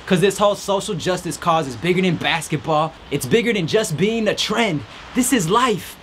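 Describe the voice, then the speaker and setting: A man's voice: high-pitched, expressive, moderate pace, fairly bright tone, slight background noise. A man hosting a podcast, giving an earnest, encouraging faith-based motivational talk while standing outdoors in a rainstorm. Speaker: podcast host.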